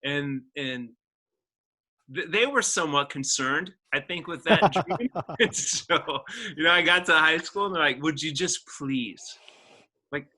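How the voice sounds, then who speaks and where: Earnest, very bright-voiced man in his forties. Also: fairly high pitch, measured pace, poor audio. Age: 40s. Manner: earnest and animated, with frequent laughs and restarts. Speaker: guest actor. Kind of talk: casual interview storytelling.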